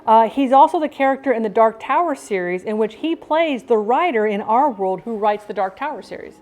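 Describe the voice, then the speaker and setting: A woman's voice: on the high side, animated, brisk, darkish tone. A woman vlogging in a rambling, talkative casual chat that jumps between thoughts.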